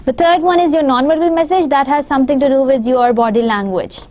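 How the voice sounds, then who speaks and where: A woman with a high voice gives a lecture over slides. She pads her sentences with fillers and repeats her phrases as she explains each point. She sounds like a lecturer talking to students. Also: fast, a little mellow. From Pakistan.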